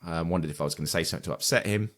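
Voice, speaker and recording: A man's voice: sits low, rapid-fire, a bit bright. A man in his twenties hosting a podcast, talking through a personal story in a reflective, hesitant way with many fillers and restarts. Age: 20s. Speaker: podcast host. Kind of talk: personal monologue.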